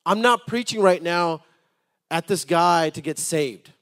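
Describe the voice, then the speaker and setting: A man preaching a sermon to his congregation, swinging from loud appeals to soft, hushed storytelling and repeating words as he starts a thought. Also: high voice, unhurried.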